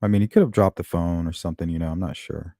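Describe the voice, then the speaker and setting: A man with a somewhat low, warm voice hosts a live true-crime stream. He speculates aloud in a relaxed, conversational way and stops to greet viewers by name. The sound is dry and close, with no room around it. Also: quick pace, no room sound. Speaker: host of a true-crime livestream. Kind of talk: casual live commentary.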